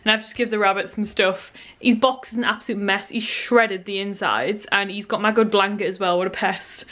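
A woman's voice: medium pitch, steady tone, fairly quick, fairly bright tone. A young woman chatting casually to a handheld camera in a vlog, tired and out of breath, rambling from one story to the next. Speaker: vlogger.

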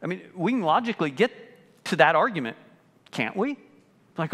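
Male pastor, high lively voice, bright tone, unhurried sermon, long church reverb. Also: slightly rough. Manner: animated preaching, acting out quoted voices. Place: church sanctuary.

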